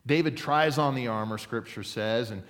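A man's voice: mid-range voice, normal speed, a bit bright. A man, a pastor, preaching a sermon, telling stories and acting out quotes, and asking the congregation for an amen. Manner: storytelling with acted quotes, asks for an amen. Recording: long hall reverb.

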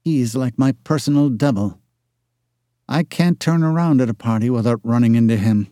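A man voicing a sharp-tongued young woman. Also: medium pitch, normal speed, dry recording, clean studio sound, close to an everyday voice. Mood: wry. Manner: teasing, exasperated retorts. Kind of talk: audiobook character voice.

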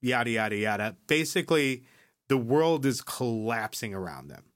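A man's voice: mid-range voice, animated, normal speed, no echo. A man with a mid-range voice talks loosely through a recap as a podcast host, dropping curses and checking in with "right?". The sound is dry and close, with no room around it. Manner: loose storytelling with tag questions and cursing; skips ahead with "yada, yada". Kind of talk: casual chat, episode recap.

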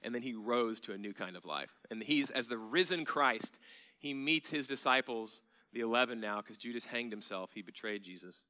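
A man preaching a sermon in a bright, forceful voice. He speaks earnestly and asks rhetorical questions. He repeats key phrases for emphasis, building from quiet asides to emphatic declarations. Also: medium pitch, normal speed. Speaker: pastor.

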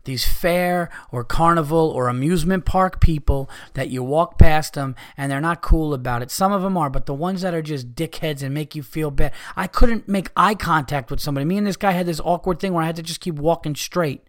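A man's voice: fairly high pitch, a little fast, few pauses. A man hosting a podcast, ranting heatedly with lots of swearing. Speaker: podcast host.

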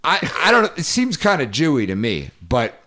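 A man's voice: fairly high pitch, huge pitch swings, fairly quick, sharp tone. A man co-hosting a comedy podcast, rambling through jokes and restarting his sentences. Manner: rambling, jokey, restarts a lot. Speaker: podcast co-host. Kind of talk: casual comedic chat.

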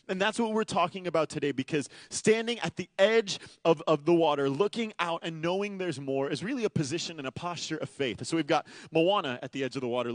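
Young pastor, higher-pitched man, chatty sermon delivery, dry close mic. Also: no echo. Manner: conversational, animated, self-deprecating asides.

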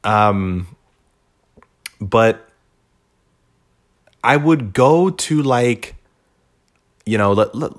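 Laid-back man, a bit low. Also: expressive, extremely slow, long pauses. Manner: rambling, profane, laid-back. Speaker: podcast host. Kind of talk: casual solo podcast monologue.

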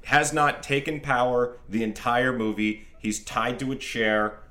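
A man's voice: medium pitch, measured pace, bright, forceful tone. A man co-hosting a casual movie review podcast, dry and wry, trading mocking asides with his co-host.

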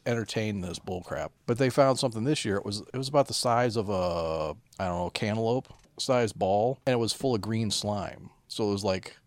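A man's voice: on the low side, normal speed, hardly any pauses, no echo. A man in his thirties, co-hosting a podcast, telling stories in a casual, profane way. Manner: profane, storytelling, acts out kids' voices. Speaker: podcast co-host. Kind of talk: casual chat.

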